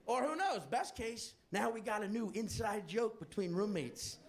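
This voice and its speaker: A man doing stand-up, telling a profane story in a playful, animated way to a live audience. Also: high-pitched, moderate pace. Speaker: stand-up comedian. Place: comedy stage before a live audience. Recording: live crowd laughter.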